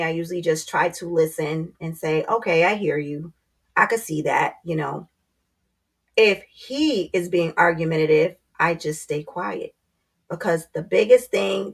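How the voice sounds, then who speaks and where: A woman's voice: fairly low pitch, creaky, a bit bright, husky. A woman vlogger giving blunt, candid relationship advice in a casual talk to camera, speaking straight to her viewers.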